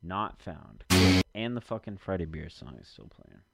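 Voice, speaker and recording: A man's voice: sits low, sing-song, moderate pace, creaky, loud music behind the voice. A man rambling casually to himself and his audience from his basement, cursing often and muttering while he searches for something.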